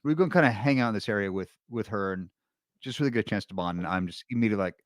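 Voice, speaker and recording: A man's voice: fairly low pitch, racing, no echo, clean studio sound. A middle-aged man, a podcast guest, telling a long personal story in casual chat, rambling with restarts and fillers.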